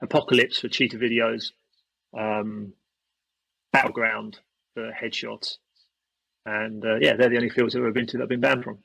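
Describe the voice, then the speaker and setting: A man's voice: medium pitch, little pitch movement, moderate pace, creaky, pauses often, sharp tone, no room sound. A man, a podcast guest telling stories in casual chat and acting out quotes in a raised voice. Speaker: podcast guest, airsoft YouTuber.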